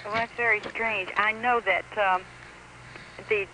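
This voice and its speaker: A woman's voice: medium pitch, steady tone, measured pace, pushed and bright, slight background noise. A woman who records telephone announcements, chatting on a phone call in a chatty, emphatic way and laughing easily. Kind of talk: phone conversation.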